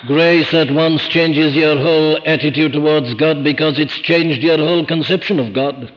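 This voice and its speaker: A man preaching a sermon, emphatic and rhetorical, slowing down to stress key words. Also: a little high, steady tone, long reverb tail. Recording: dull lo-fi archive recording.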